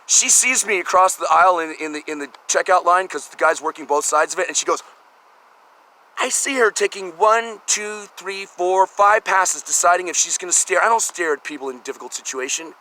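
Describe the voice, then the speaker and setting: A man's voice: sits high, brisk, pushed and bright, low-quality recording. A middle-aged man delivering a profane, sarcastic comedic rant, exasperated and blunt. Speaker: vlogger.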